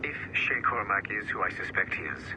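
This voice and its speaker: A man's voice: fairly low pitch, lively intonation, a little fast, close to an everyday voice. An actor playing a cold, authoritative male corporate official in a video game, with ambient noise behind. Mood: commanding. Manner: curt, authoritative.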